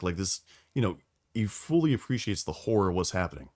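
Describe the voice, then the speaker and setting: A man hosting a casual podcast, telling lore in a profane, animated storytelling way. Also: low-pitched, fairly quick. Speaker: podcast host explaining lore.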